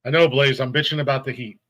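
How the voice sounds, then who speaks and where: A middle-aged man with a drawl ranting on a podcast, cursing freely and laughing between lines. His voice sits a little high for a man, and he keeps it loose and chatty. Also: fairly bright tone, slightly rough, rough recording. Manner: profane, heated storytelling with laughs. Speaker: podcast co-host. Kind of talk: casual chat.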